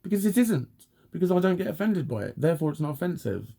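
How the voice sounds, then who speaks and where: A man's voice: a little high, sing-song, quick pace, creaky, mellow, slightly rough. A man in a heated, blunt personal rant, swearing constantly as he tells his story to camera. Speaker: vlogger.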